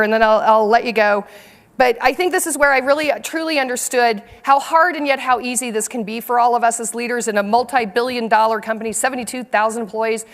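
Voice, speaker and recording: A woman giving a conference keynote speech to leaders on a stage, telling stories in a lively, expressive way. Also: high-pitched. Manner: animated storytelling, lively and expressive. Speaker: keynote speaker. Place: large conference hall. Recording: hall reverb from a stage.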